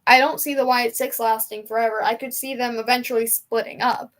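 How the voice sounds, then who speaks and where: Young woman streamer, rambling and emotional, slightly high voice, casual chat from home. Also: little pitch movement, a little fast. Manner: rambling, emotional, chatty fan talk. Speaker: livestream host.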